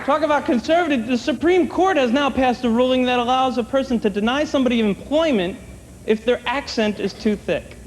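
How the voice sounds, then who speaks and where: A man doing a stand-up comedy set on a comedy club stage, wry and conversational, slipping into quick voices for his bits. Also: very high-pitched. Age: older than 30. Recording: long hall reverb, clear room noise, 1990 TV taping.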